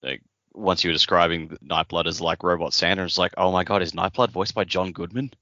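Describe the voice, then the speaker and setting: A man's voice: low voice, steady tone, fairly quick, sharp tone, no echo, dull audio. A man co-hosting a podcast in casual chat, thinking aloud through theories. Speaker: podcast co-host.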